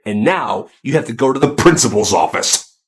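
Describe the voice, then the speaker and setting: Strict lady kindergarten teacher, bossy and scolding, loud, done by a man. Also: mid-range voice, lively intonation, moderate pace, close to an everyday voice.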